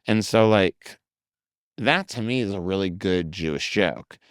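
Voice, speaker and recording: Fast-talking man, low voice, dry sound. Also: smooth, no room sound. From United States. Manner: rapid, animated, many fillers, swears. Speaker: comedian guest. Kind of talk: casual interview chat.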